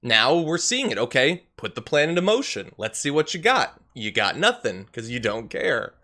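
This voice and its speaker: A man's voice: mid-range voice, big pitch swings, moderate pace. Exasperated man hosting political talk. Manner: conversational, exasperated, questions out loud. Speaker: host. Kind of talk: political commentary chat.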